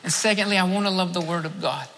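A fervent male preacher with a bright, forceful voice, pressing his points through repetition. His sermon carries in a large hall, and each phrase trails off into a long echo. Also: high voice, fast talker, slight background noise. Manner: fervent, repeats phrases for emphasis.

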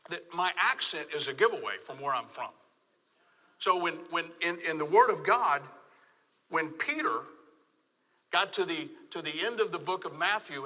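A man's voice: fairly high pitch, bright, forceful tone, long reverb tail. A man from Texas with a Texan accent, preaching a sermon with emphatic, repeated phrases. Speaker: pastor.

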